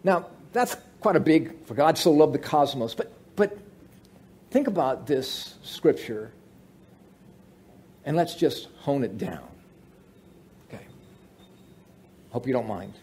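Husky-voiced preacher, lively swings. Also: male voice, medium pitch, takes it slowly, long pauses. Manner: dramatic swings between loud emphasis and hushed asides. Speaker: pastor. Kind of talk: sermon.

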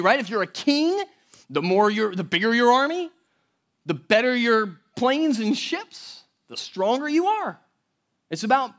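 A man preaching a sermon as pastor, conversational and animated, often checking in with the audience. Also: very high voice.

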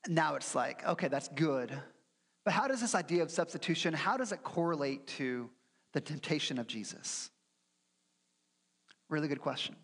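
A pastor preaches a sermon in a church sanctuary, his medium-pitched voice carrying a breathy edge. His earnest teaching includes acted-out quotes and rhetorical questions, and the recording has long hall reverb.

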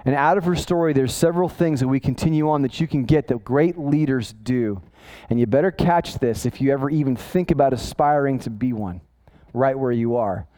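A male pastor preaching a sermon, telling the story in a casual, animated way with lots of asides. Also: mid-range voice, brisk, poor audio.

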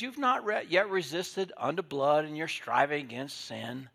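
Gravelly older preacher telling stories. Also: male voice, on the high side, normal speed, hardly any pauses. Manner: storytelling, swings from quiet asides to loud emphatic points. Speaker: pastor. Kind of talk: sermon.

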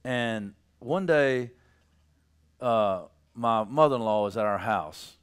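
A man preaching a sermon, telling stories about his children, laughing at his own tales and building to loud emphasis. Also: mid-range voice, slow pace, smooth. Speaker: pastor.

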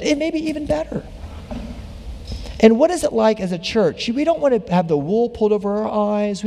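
A man's voice: very high-pitched, creaky, warm tone, long reverb tail. A man pastor delivering a conversational sermon in a church, with dry jokes and easygoing asides. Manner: conversational preaching with self-deprecating jokes. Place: church sanctuary.

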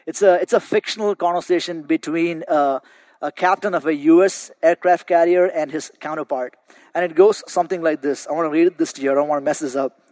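A man's voice: fairly high pitch, steady tone, brisk, darkish tone, no echo. A male pastor preaching a sermon, telling a story and often repeating words as he restarts a phrase.

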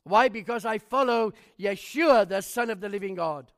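A man with a notably high voice preaching a sermon. He tells his testimony as animated stories and presses the listeners with fervent rhetorical questions. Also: normal speed. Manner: animated storytelling.

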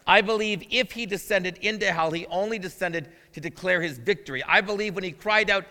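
High, bright-voiced male pastor preaching. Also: fairly quick. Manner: conversational preaching, asks the audience questions. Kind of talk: sermon. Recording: long reverb of a large hall.

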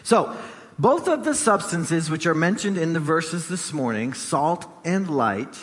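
A male pastor delivers an emphatic sermon in a slightly higher voice, stacking up repeated phrases to drive each point home. His voice rings out with a long reverb through a church hall. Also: animated, unhurried.

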